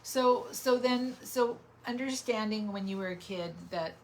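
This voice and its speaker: A woman hosting a casual interview in a small home studio, upbeat and quick to laugh. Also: on the high side, slight background noise.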